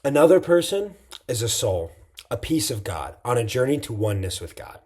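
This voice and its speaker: A man's voice: mid-range voice, big pitch swings, fairly quick, mellow, husky. A tired man giving a casual, reflective vlog monologue late at night, rambling with frequent "like"s and restarts. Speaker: vlogger.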